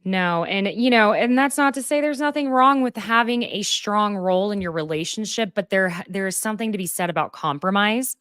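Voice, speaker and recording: A woman's voice: medium pitch, expressive, fairly quick, few pauses, fairly bright tone, no room sound, clean studio sound. A woman hosting a casual podcast, talking frankly and animatedly and acting out quotes. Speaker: podcast host.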